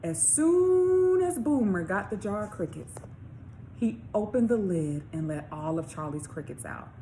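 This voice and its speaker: A woman author reading her children's story aloud, expressive, with questions to young listeners. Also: medium pitch, a little slow, a little hiss or hum. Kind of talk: storybook read-along for children.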